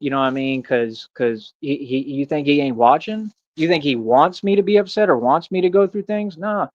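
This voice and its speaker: A man's voice: fairly high pitch, moderate pace, no room sound. Man, casual vlog monologue, earnest and emphatic, dull lo-fi sound, dry. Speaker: street performer in a Batman costume.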